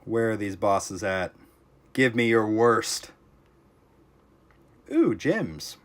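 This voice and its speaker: Young male game streamer, lowish voice, casual reactive commentary to chat. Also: steady tone, takes it slowly, fairly bright tone, smooth. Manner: reactive, talks to chat while playing, frequent exclamations. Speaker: streamer playing a tower defense game.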